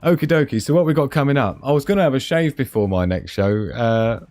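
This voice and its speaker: A man's voice: mid-range voice, lively intonation, fairly quick, darkish tone, no room sound, soft background music. A man hosting a casual live stream, chatting and laughing as he reads out memes. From Scotland.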